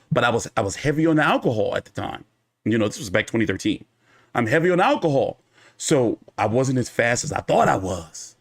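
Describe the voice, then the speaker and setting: A man's voice: mid-range voice, fairly bright tone. A man hosting a boxing commentary show, telling a story in a casual, rambling, profane way.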